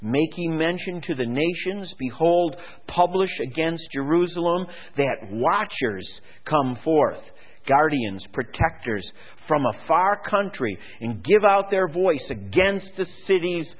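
A man's voice: expressive, slow. A man preaching a sermon, reading scripture and urging listeners to repent, with emphatic delivery. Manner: emphatic, rises high when mimicking complacent people. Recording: phone-like lo-fi radio broadcast.

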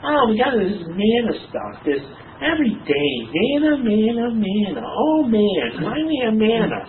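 A man's voice: high voice, big pitch swings, a little fast, pitched above the performer's own voice. A man voicing petulant, whiny Israelites grumbling in the desert, in a nagging sing-song way, recorded from a distance with tinny, phone-like sound. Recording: distant tinny phone-like audio, faint noise.

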